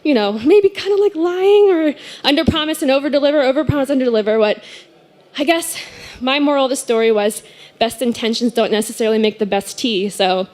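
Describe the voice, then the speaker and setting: A woman's voice: high-pitched, fairly quick, a little mellow. A woman telling a personal story on stage at a story slam, chatty and often laughing as she acts out the people in it.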